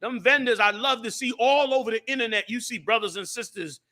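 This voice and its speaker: Fiery high-voiced man, sharp bright tone. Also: a little fast. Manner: preachy and impassioned, rising to shouts, then dropping low. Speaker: show host and group leader. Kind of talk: fiery casual talk.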